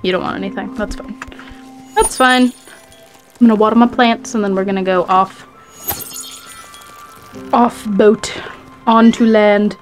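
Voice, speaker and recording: A woman's voice: mid-range voice, steady tone, measured pace, pauses often. A woman chatting casually through a let's-play, giggling and talking to the game's characters. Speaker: gaming video host. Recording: faint game music behind.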